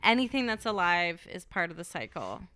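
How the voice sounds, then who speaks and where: Bright, clear woman co-hosting a podcast. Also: fairly low pitch, very animated, normal speed, dry recording, clean studio sound. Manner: rambling, many fillers like "you know". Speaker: podcast co-host. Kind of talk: casual podcast chat.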